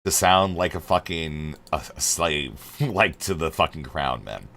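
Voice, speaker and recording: Exasperated male streamer, bright lively voice. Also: rumbling low, measured pace, slight background noise. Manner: exasperated, swearing, muttering asides. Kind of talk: live-stream chat reading.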